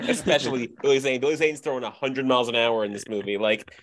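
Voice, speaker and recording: A man's voice: mid-range voice, quick pace, a bit bright, slight background noise. Enthusiastic man chatting as podcast guest. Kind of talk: casual film discussion.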